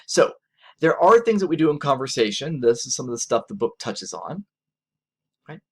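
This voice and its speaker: A man giving a recorded lecture in a conversational, animated way, often ending points with "right?". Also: normal speed, breathy edge. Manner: animated, conversational, acts out quotes in a higher voice; frequent "right?" tag questions.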